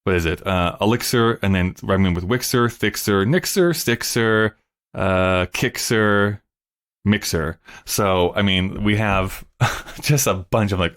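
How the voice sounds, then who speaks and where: A man hosting a podcast in relaxed, amused chat, with quick agreeing interjections. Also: fairly low pitch. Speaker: podcast host. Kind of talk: casual chat about musical theatre.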